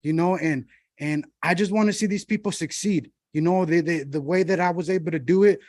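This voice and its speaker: A man's voice: on the high side, fairly quick, darkish tone, no room sound. A man, a shelter monitor, giving a heartfelt public comment at a city council meeting, often saying "you know.".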